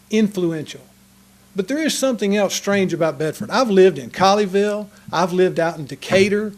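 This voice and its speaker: A man with a drawl speaks at a council meeting podium with earnest, passionate conviction. His voice sits high for a man. He pleads rather than lectures, addressing the room directly. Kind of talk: public comment speech. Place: council chamber.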